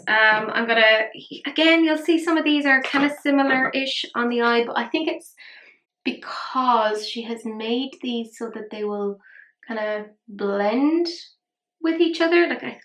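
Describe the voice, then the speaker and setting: This makeup vlogger has a fairly high, fairly bright voice. She chats casually through her tutorial, wandering into rambling asides and poking fun at herself. The room gives a roomy echo.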